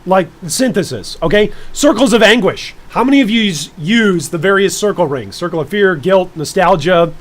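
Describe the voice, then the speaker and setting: A man's voice: sits high, animated, normal speed, few pauses. A man in his thirties joking around with viewers while streaming live. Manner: playful, jokey, chatting to viewers. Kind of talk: live-stream reaction chat.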